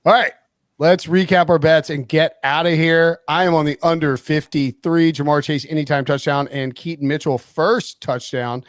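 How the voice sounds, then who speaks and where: A man hosting a live sports betting stream, talking in a rambling, animated way and often cutting himself off. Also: on the high side, normal speed, dry recording. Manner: rambling, animated, self-interrupting. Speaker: host.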